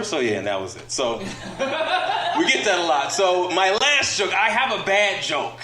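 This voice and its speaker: A male comedian with a bright, forceful voice and a very animated pitch tells stories on stage and shouts out bold voices. His voice sits a little high, and the echoey club adds a faint murmur behind him. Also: normal speed. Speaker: stand-up comedian. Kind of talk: stand-up comedy set. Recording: roomy club echo, faint room noise.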